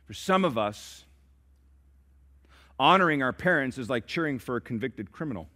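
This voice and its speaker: A man's voice: medium pitch, lively intonation, normal speed, sharp tone. A man preaching a sermon as pastor, telling stories and calling out to his congregation for responses. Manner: storytelling preacher who calls out to the congregation.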